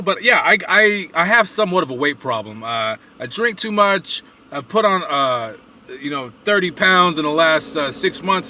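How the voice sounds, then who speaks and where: A man's voice: a little high, sharp tone, slight background noise. A man vlogging alone on a phone camera, telling a story in a loose, rambling way full of fillers and quoted asides. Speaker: van-dwelling traveling vlogger. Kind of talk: casual storytelling monologue. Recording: voice slightly distant from the mic.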